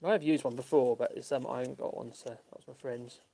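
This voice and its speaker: A man's voice: mid-range voice, fairly even intonation, fast talker, creaky, mellow. A man, chatting casually and rambling to the camera while he works on a woodworking project in his workshop. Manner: rambling, chuckles, talks to himself. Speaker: woodworking channel host. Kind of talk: casual chat while working.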